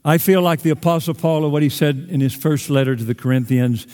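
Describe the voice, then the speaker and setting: A middle-aged man gives a sermon, mixing folksy storytelling with self-deprecating humor. His voice sits somewhat high. It rings with the long reverb of a large sanctuary. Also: brisk, few pauses, dark tone. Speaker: guest pastor.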